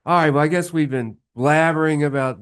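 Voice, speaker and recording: Speaking a little fast in a slightly high, fairly bright and clean voice, a man guests on a radio show as a beer reviewer. He chats casually and rambles through jokes, voicing the characters himself. The studio-mic recording is dry and studio quality.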